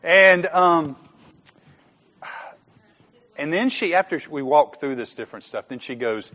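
A man's voice: a little high, animated, a little slow, long pauses, sharp tone, big-room sound, dull audio. A man preaching as pastor, conversational and joking, laughing often in a church sanctuary. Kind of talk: sermon.

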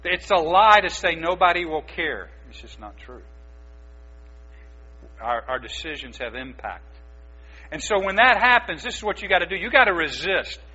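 A male pastor delivers an emphatic, exhorting sermon in a somewhat high, forceful voice. His tone is bright with a husky edge. The recording is dull and lo-fi, with a mains hum underneath. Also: big pitch swings, moderate pace, long pauses.

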